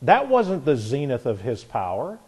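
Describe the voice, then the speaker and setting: A man's voice: mid-range voice, wildly swooping pitch, normal speed, a little mellow, slightly rough. A middle-aged man teaching an informal Bible class, earnest and conversational, often restarting his sentences.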